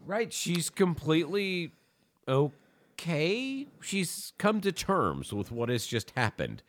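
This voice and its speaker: A man's voice: on the high side, takes it slowly, a little hiss or hum. A man co-hosting a podcast, animatedly retelling a movie plot with plenty of swearing. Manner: animated, profane retelling with acted-out quotes. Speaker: podcast co-host recapping a movie. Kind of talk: casual chat.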